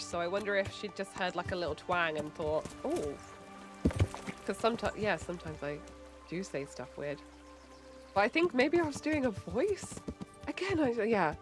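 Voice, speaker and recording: A woman's voice: mid-range voice, lively intonation, normal speed, over music. A woman with a light English accent, chatting casually on a livestream, laughing often and mumbling a bit. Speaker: streamer.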